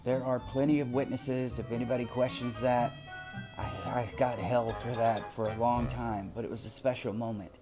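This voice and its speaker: With a medium-pitched voice and flat delivery at a moderate pace, a middle-aged commentary host runs a casual monologue, speaking emphatically and slipping into anecdotes. Music can be heard behind him.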